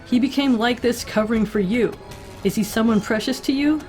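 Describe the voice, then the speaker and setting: A woman's voice: fairly high pitch, brisk, a little mellow, faint music behind, voice pushed up, natural voice. A woman voicing an unstable, vengeful young man who speaks grimly and bitterly.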